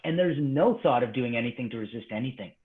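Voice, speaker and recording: A man as an interview guest, telling an animated story and acting out quoted dialogue, his voice swinging between hushed and excited. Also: mid-range voice, fast. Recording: tinny phone-like line.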